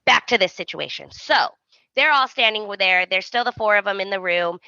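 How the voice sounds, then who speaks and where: A woman's voice: mid-range voice, normal speed, gravelly, sharp tone, no room sound. A woman hosting a podcast, retelling soap opera scenes in casual chat and acting out the characters' lines. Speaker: podcast host. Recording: dull, dry lo-fi sound.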